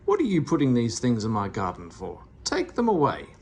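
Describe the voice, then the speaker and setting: Reader putting on a fussy little man, storybook, high and shouty, gravelly edge, swooping pitch. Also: huge pitch swings, fairly quick, a little hiss or hum. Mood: furious. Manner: shouting, indignant, squeaky. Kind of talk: storybook read-aloud.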